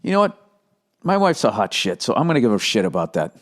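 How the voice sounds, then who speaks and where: A man in his fifties with a Boston accent, hosting a podcast with a profane, exasperated comedic rant and quick impressions of others. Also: fairly low pitch, sing-song, fairly bright tone. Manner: profane, exasperated, mimics others mid-story. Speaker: podcast host. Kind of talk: comedic ranting monologue.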